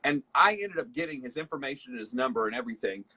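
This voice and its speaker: A chatty man hosts a casual leadership talk. His voice is bright and a little husky. He tells stories loosely, full of fillers, and acts out the lines of the people in them. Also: medium pitch, animated, fast talker. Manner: chatty storyteller, acts out dialogue, many fillers. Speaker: host.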